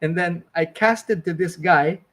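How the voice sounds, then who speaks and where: A man with a high voice tells a casual, rambling story. He swears freely and fills his talk with "like" and "you know.". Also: moderate pace, a bit bright. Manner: rambling, swearing, many fillers. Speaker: fishing channel host.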